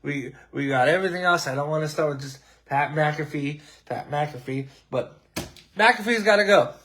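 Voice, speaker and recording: A man with a slightly high voice hosts a casual live wrestling talk show. He talks in an animated, ranting way, with plenty of sarcasm. He trips over restarts and fillers as he goes. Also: normal speed. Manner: frequent restarts and filler words. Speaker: podcast host.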